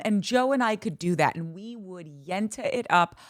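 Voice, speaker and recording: Woman podcast host, thirties, dry close-mic sound, mid-pitched, chatty, bawdy, gushing. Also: moderate pace, dry recording. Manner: animated, candid and bawdy, gushing. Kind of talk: casual chat.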